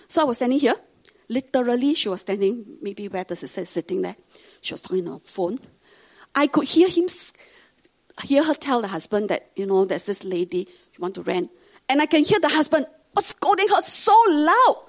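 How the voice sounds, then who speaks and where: A woman's voice: on the high side, big pitch swings, normal speed. A woman from Singapore with a Singaporean English accent, a pastor's wife telling her testimony to a congregation and acting out the people she quotes.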